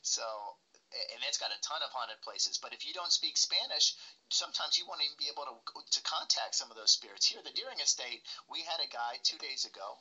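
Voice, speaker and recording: A man's voice: a little high, lively intonation, fairly quick, pushed and bright, slightly rough, muffled recording. A man working as a paranormal investigator tells stories in a casual interview, rambling with lots of "like" and "you know.".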